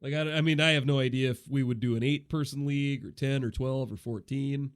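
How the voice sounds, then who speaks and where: Easygoing deadpan man co-hosting a podcast. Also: mid-range voice, fairly quick, smooth. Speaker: podcast co-host. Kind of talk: casual podcast banter.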